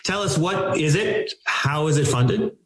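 A man's voice: fairly high pitch, animated, unhurried. Chatty man host in an echoey room. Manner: chatty, conversational questions. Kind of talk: interview questions.

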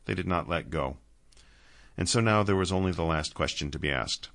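Deep-voiced male audiobook narrator. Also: normal speed, creaky, a bit bright.

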